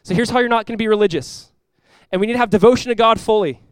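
A young man preaching a casual, energetic sermon, reading scripture aloud and chatting with plenty of filler words. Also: sits high, very fast, clear, resonant tone, no echo. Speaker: pastor.

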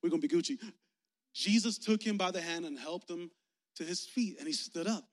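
A man preaching a lively, joking youth sermon in slangy talk, acting out little voices as he tells stories. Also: high-pitched, a little fast. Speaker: youth pastor. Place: church sanctuary. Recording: long reverb of a church sanctuary.

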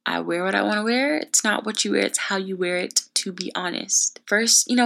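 A woman's voice: medium pitch, moderate pace, creaky, few pauses. A young woman hosting a podcast, telling stories in a chatty way and acting out the people she quotes. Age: young adult. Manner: chatty storytelling, lively quoted voices. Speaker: podcast host. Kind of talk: casual chat.

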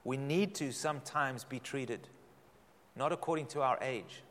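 A middle-aged man, a pastor, giving a sermon with dramatic, emphatic delivery and slow repeated phrases. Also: medium pitch, a bit bright. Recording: long hall reverb.

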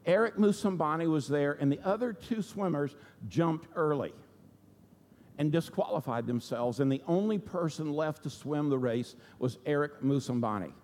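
High-voiced preacher in a reverberant hall. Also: male voice, mellow. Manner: conversational, asks the audience "okay?" and "right?". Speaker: pastor. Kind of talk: sermon with storytelling. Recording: long church hall reverb.

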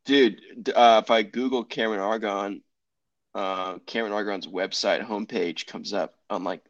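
A man's voice: fairly low pitch, steady tone, normal speed, no echo, dull audio. A man with a Southern Californian accent, a podcast guest chatting casually with surfer slang and easy laughs. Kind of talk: casual chat. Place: podcast studio. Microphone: studio mic.

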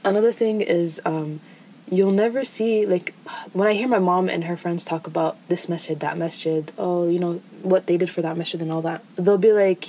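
A woman's voice: fairly low pitch, moderate pace, darkish tone, rough recording. A woman, a podcast guest, speaking bluntly and with teasing humor in a casual chat.

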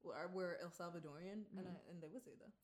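Young woman talking fast, bright sharp voice, echoey room, asking lots of questions. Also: lowish voice. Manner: quick, curious, keeps asking questions. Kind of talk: casual group chat.

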